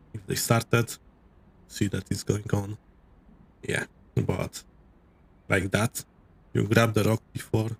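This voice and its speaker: Male streamer, gravelly husky voice, rambling game chatter. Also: fairly low pitch. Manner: rambling, halting restarts. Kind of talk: live game stream commentary.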